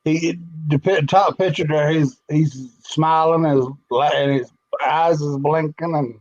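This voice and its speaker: A man's voice: on the high side, fairly even intonation, a little slow, no echo. A plain-spoken man drawls his remarks in a casual chat. The sound is dry and somewhat dull.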